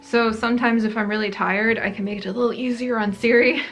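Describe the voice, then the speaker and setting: A woman's voice: a little high, fairly even intonation, quick pace, a bit bright, faint music behind. A woman hosting a gaming channel, chatting casually through a Q&A vlog in a rambling, friendly way. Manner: chatty, rambling, many "like" fillers.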